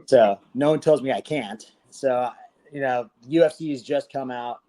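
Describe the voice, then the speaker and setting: A relaxed man in his forties from Southern California, talking like he's hanging out with a friend. He tells his story in an easy, slangy way, laughs often, and acts out other people's lines as he goes. His voice sits at an ordinary middle pitch. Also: normal speed. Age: 40s. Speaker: guest fighter. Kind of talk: casual storytelling interview.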